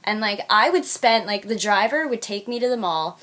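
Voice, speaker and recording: A woman's voice: medium pitch, animated, normal speed, pushed and bright. A young woman from New York chats as a podcast co-host. She is upbeat and talkative, filling her speech with "like" as she goes. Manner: chatty, upbeat, many "like" fillers. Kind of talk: casual chat.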